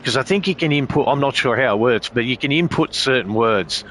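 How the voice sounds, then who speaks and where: A man's voice: medium pitch, lively intonation, brisk, fairly bright tone, a little hiss or hum. A man chatting casually as a sim racing streamer, rambling with heavy swearing and frequent filler phrases. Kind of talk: casual chat.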